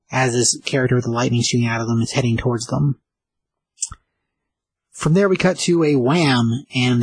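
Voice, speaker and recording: A man with a husky, medium-pitched voice casually recaps a comic book page by page, rambling with plenty of fillers and dropping into quick character voices. The audio is poor, though there's no echo.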